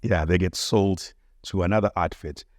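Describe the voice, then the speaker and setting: A man, a radio host being interviewed, telling his career story in a lively way and acting out the people he quotes. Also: low-pitched, normal speed, no room sound, studio quality. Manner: lively, acts out quoted dialogue.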